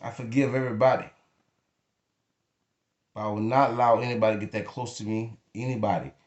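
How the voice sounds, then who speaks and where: A man's voice: on the low side, fairly even intonation, fairly quick, a little mellow, muffled recording. A man speaking to camera in an emotional venting monologue, blunt and emphatic, cursing freely. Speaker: vlogger. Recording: echoey room.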